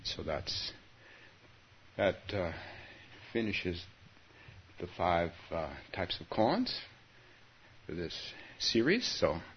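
A man's voice: deep voice, sing-song, slow, long pauses, a little hiss or hum. A man teaching as a Zen teacher in a dharma talk, hesitant with many ums and chuckling asides, and reading a story aloud with rising emphasis. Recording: dull lo-fi recording.

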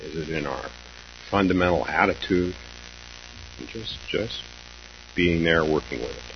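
With a low-pitched voice, a Zen teacher talks through a dharma lesson slowly and reflectively, stopping and starting, pausing and laughing softly. The recording is lo-fi, dull, and faintly humming.

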